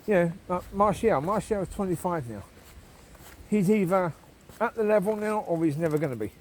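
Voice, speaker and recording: A man in a casual walk-and-talk, outdoors at night with faint background noise. His voice sits fairly high and swings widely in pitch as he makes his points. He is opinionated, repeats himself for emphasis and chuckles often. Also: lively intonation, moderate pace, darkish tone. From United Kingdom. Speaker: vlogger. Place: outdoors at night, walking dogs.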